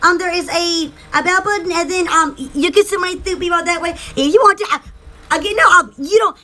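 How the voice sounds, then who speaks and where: Lady vlogging, super high voice, gushes oh my gosh constantly. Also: fairly quick, pushed and bright. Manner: gushing, lots of "oh my gosh". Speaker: channel host. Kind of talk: rambling excited vlog chat.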